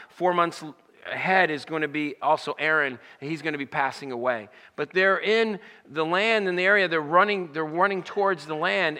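A man's voice: a little high, pushed and bright, long reverb tail. A man preaching a sermon, reading scripture and acting out its lines with rising emphasis. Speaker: pastor.

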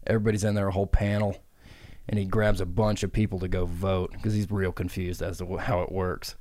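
A man's voice: low-pitched, level tone, quick pace, a little mellow, no room sound. A man co-hosting a podcast, riffing in casual comic chat with a laid-back, profane delivery. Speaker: podcast co-host.

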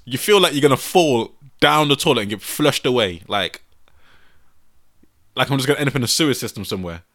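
A man's voice: mid-range voice, bright, forceful tone. A man in his twenties hosting a solo podcast from his bedroom, laughing often and sounding exasperated. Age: 20s. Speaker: podcast host.

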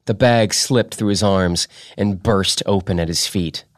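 Deep-voiced man reading a story. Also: measured pace, dry recording, clean studio sound. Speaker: podcast host. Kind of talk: reading fiction aloud.

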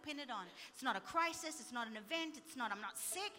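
A middle-aged woman telling a personal story in a sermon, lively and full of quoted dialogue. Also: sits high, a little fast, hardly any pauses, big-room sound, faint music behind. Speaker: speaker sharing testimony. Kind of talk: sermon-style personal testimony.

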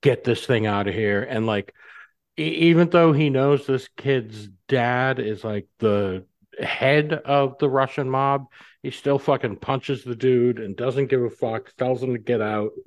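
Excited man swearing about movies, dry mic. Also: mid-range voice, measured pace, no echo. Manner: animated, excited, swears freely. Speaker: podcast co-host. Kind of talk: casual movie discussion.

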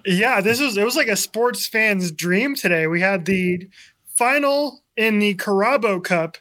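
A man co-hosting a sports talk show, telling a story in a chatty, animated way. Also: high-pitched, measured pace. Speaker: sports radio co-host.

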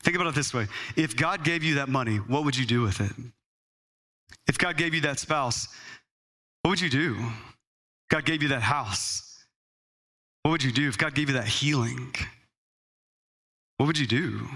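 A man's voice: mid-range voice, moderate pace, pauses often, sharp tone. A man preaching a sermon to his congregation in a conversational style, acting out little dialogues as he goes. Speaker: pastor.

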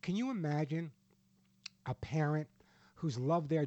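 A man's voice: a little high, expressive, measured pace, pauses often, dry recording, muffled recording. A male radio host giving heartfelt, reassuring pet advice to a caller. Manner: warm, emotional, gently reassuring advice.

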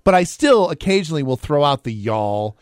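A man's voice: a little high, expressive, quick pace, no echo. A man from Iowa co-hosting a radio show in casual studio chat, easygoing and self-deprecating.

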